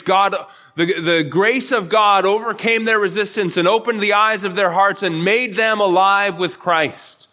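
A man's voice: high-pitched, unhurried, few pauses, sharp tone. A male pastor giving an earnest expository sermon, often repeating words as he restarts his phrases.

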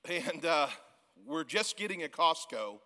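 A man in his forties, a guest pastor from the Missouri Ozarks, preaching a sermon in a church auditorium, loud and yelling, often laughing. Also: on the high side, expressive, a little slow. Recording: long church hall reverb.

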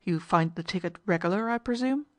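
A woman's voice: fairly low pitch, fairly quick, close to an everyday voice. A woman voicing a listless, aloof passenger. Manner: listless, flat and indifferent.

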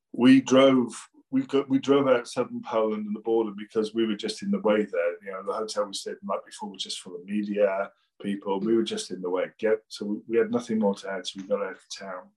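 A man's voice: fairly low pitch, a little mellow, poor audio. A man, a financial planner, speaking plainly in casual conversation and repeating words as he starts over.

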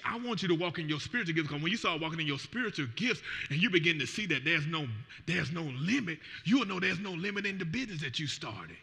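Pastor, high-pitched man, bright ringing tone, animated sermon delivery, recorded in a reverberant church hall. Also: vocal fry, husky. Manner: animated preaching, voice swelling and dropping.

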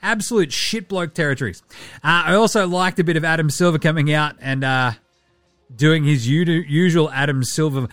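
A man's voice: on the high side, moderate pace, fairly bright tone, no room sound. A man hosting a casual sports podcast, brash, profane and jokey. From Australia. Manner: brash, profane, jokey, puts on voices for quotes. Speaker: podcast host.

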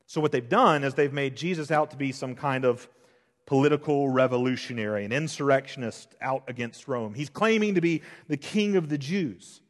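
A man preaching an expository sermon as pastor, shifting between loud emphasis and hushed, intense passages. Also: medium pitch, moderate pace. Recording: long hall reverb.

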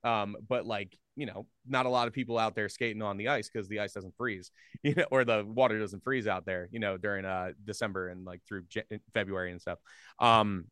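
A man's voice: on the low side, fairly even intonation, fairly quick, a bit bright, clean tone, no echo. A young man from the Philadelphia area, a guest talking in a loose, rambling way full of fillers and easy laughs. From Philadelphia area, USA. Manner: loose and rambling, heavy on fillers like "like" and "you know", laughs easily. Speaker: guest, social media creator. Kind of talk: casual interview chat.

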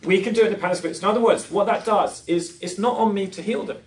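A man's voice: high-pitched, rapid-fire, roomy sound. A man giving a preaching talk to a live audience, telling stories with self-deprecating humour and asking the crowd questions. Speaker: conference speaker. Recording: distant mic with faint noise.

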